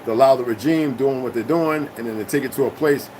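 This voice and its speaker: A man's voice: mid-range voice, brisk, noisy background. A man hosting his own channel, talking in a casual, rambling livestream monologue full of profanity and confrontation. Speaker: channel host.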